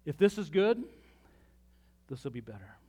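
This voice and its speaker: A man preaching a sermon as pastor, reading scripture with pauses and lively asides to the congregation. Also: a little high, husky.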